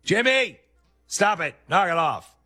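A man's voice: sits high, big pitch swings, a little slow, pushed and bright, faint music behind, voice pushed up, full character voice. A man voicing an exasperated mother who scolds her son's friend. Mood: scolding. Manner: incredulous, scolding. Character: exasperated mom scolding, middle-aged woman.

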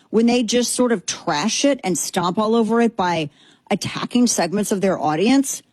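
A woman from Texas in her thirties, with a fairly high, slightly rough voice on a dry recording, hosts an easygoing opinion show. Animated and sarcastic, she repeats phrases for emphasis while speaking through headphones with a mic.

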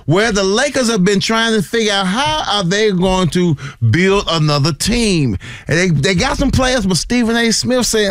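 A man with a fairly high voice chats casually about sports as a radio co-host, relaxed and easygoing. His voice is dry and close to the mic. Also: normal speed, no echo. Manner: relaxed, chuckling, laid-back.

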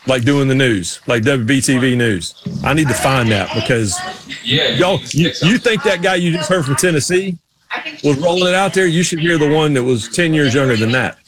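A man's voice: a little high, normal speed, a crowd in the background. A man from North Carolina with a Southern US accent, hosting a talk show in a chatty, rambling way. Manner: chatty, rambling, laughing along. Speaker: show host. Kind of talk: casual chat.

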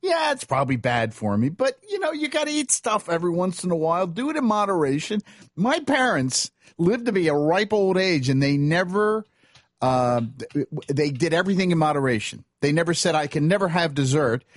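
A middle-aged man rants with mock indignation as a morning radio co-host. His voice swings widely in pitch and sits a little high. The sound is close and dry. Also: fairly quick, no echo. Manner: animated ranting, mock indignation. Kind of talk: casual morning radio chat.

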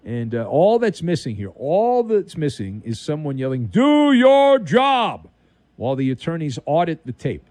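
A man's voice: mid-range voice, very animated, moderate pace, hardly any pauses, mellow, no echo. A man hosting an overnight sports talk radio show, delivering a wisecracking monologue with dramatic emphasis.

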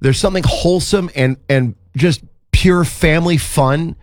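A man's voice: a little high, normal speed, dry recording, clean studio sound. A man hosting a radio show, talking in an upbeat, earnest, rambling way. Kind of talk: casual morning-show chat.

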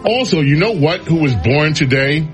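A man's voice: fairly high pitch, expressive, moderate pace, music in the background. A man hosting a talk radio show, giving sarcastic, opinionated commentary on the news with frequent sighs and laughs.

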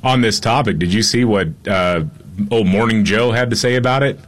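A man co-hosting a casual political talk show, chatting in a relaxed, wry way. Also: fairly low pitch, moderate pace. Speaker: podcast co-host.

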